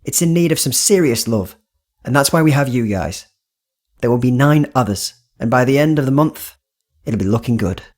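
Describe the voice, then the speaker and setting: A man voicing a slick, friendly young businessman in an audiobook, talking in breezy, quick salesman patter a little above his own pitch. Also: lively intonation, close to an everyday voice.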